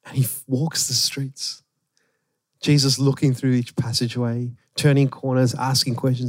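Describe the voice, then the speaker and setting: A man preaching a sermon, retelling a story with animated emphasis. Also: mid-range voice, moderate pace, no room sound, clean studio sound. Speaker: pastor.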